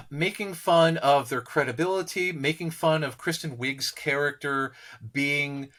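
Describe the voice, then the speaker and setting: Bright-voiced man on a podcast. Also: on the high side, unhurried. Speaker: podcast co-host. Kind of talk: casual podcast chat.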